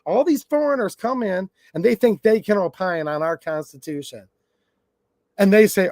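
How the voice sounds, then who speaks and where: A man's voice: sits high, sing-song, moderate pace, darkish tone, no echo, clean studio sound. A man hosting his channel, delivering a blunt, sarcastic rant to his viewers. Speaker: gun channel host. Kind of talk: ranting livestream monologue.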